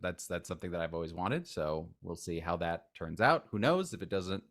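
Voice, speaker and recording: A man who is a guest in a casual interview, talking enthusiastically and rambling, with sudden loud acted outbursts. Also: deep voice, brisk.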